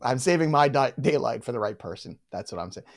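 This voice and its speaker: A man's voice: mid-range voice, animated, quick pace. A man co-hosting a live fantasy football chat show, bantering and reading out viewer questions.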